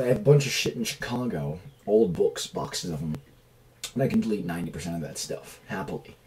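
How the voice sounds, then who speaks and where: Rambling, animated man vlogging at home. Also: lowish voice, poor audio. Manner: rambling, enthusiastic, drops to mutters. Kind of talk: casual vlog monologue. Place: small rented room at home.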